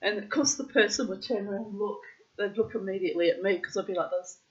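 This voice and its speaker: A woman's voice: medium pitch, quick pace. A middle-aged woman rambling profanely through a casual monologue with theatrical asides. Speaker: reader and host. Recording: dull lo-fi recording.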